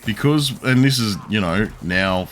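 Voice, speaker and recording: A man's voice: lowish voice, expressive, unhurried, a bit bright, a little hiss or hum. A young man streaming a game, telling a long, profane story in a rambling, chuckling way. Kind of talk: casual chat while gaming.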